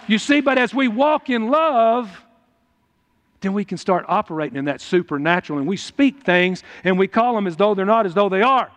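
A man's voice: high voice, a bit bright. A man preaching a folksy, emphatic sermon to his congregation at church. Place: church hall. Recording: long hall reverb.

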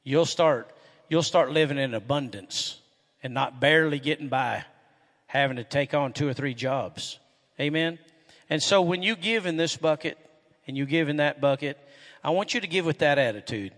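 A man's voice: fairly high pitch, moderate pace. Folksy man preaching in a hall. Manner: folksy storytelling, animated and loud when excited. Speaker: pastor. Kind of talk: sermon. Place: church sanctuary. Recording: echoey hall with long reverb.

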